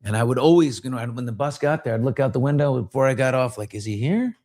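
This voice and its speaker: A middle-aged man hosts a podcast and tells a long story in a relaxed chat. He talks at an average pitch and acts out the people in it with lively put-on voices. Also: fast. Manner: animated, acts out voices in his stories. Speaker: podcast host.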